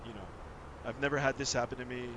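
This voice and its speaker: A man's voice: medium pitch, steady tone, quick pace. A man from Canada, a real pilot streaming a flight sim, chatting casually with lots of fillers and restarts. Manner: rambling, filler-heavy, friendly chatter. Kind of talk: casual live-stream chat. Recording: noisy background.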